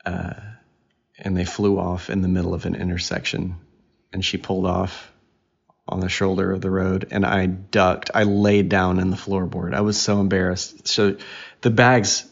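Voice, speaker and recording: On a dull, lo-fi family podcast, a dad trades playful teasing with his daughter, his co-host. He has a low, creaky voice.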